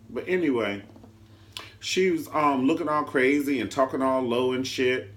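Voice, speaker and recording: A man reviewing a TV drama in a casual vlog, sassy and flamboyant, leaping up and down in pitch for emphasis. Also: normal speed, a bit bright. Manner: leaps between high and low pitch for emphasis. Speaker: TV show reviewer.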